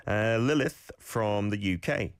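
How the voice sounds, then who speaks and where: Deep-voiced male radio host coaching pronunciation. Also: clear, resonant tone, no echo, clean studio sound. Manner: patient, corrects pronunciation by repeating sounds slowly. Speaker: radio host teaching Korean. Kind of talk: casual radio talk with language tips.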